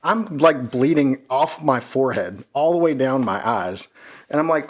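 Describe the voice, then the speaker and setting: A man on a casual podcast telling a wild personal story, animated and swearing freely, laughing at his own misfortune. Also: mid-range voice, moderate pace. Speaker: podcast co-host.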